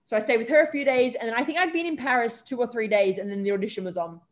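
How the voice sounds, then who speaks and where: A young woman with an Australian accent and a fairly high voice tells an anecdote as an interview guest. She talks casually, with plenty of "um" and "like", and acts out the people she quotes. She sounds like a stage performer recounting her own adventures. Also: racing. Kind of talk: casual storytelling.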